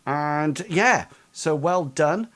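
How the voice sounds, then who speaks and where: Slow, hesitant man running a game. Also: a little high, lively intonation, a bit bright. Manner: hesitant, filled with ums and likes. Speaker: game master. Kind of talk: narrating a tabletop game.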